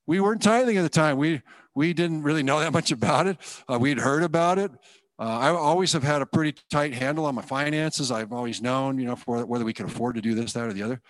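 A man giving a personal testimony in church, telling his story in an animated, self-deprecating way and acting out the thoughts he had. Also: medium pitch, a little fast, dry recording. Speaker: guest speaker giving testimony.

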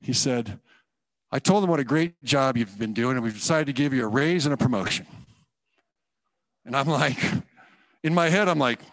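Man, middle-pitched, dry close sound; animated, self-deprecating testimony storyteller. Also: normal speed, pauses often, no room sound. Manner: animated storyteller acting out his own quoted thoughts, self-deprecating. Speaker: guest speaker giving testimony. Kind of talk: personal testimony sermon.

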